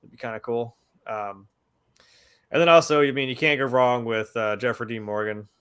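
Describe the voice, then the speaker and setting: A man's voice: medium pitch, fairly even intonation, normal speed, fairly bright tone, clear, resonant tone. A man in casual chat, enthusiastic, swearing casually and filling his talk with "like". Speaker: podcast co-host.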